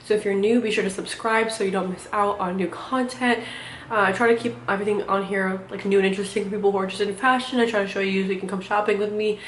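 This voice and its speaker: A young woman talks casually to her viewers, rambling and stopping to restart her sentences, filling gaps with little hesitations. She sounds a little out of breath. Her voice sits at a middle pitch and rings in an echoey room. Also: fairly even intonation, slight background noise. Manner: rambling, halting, filler-heavy. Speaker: vlogger. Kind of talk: casual chat.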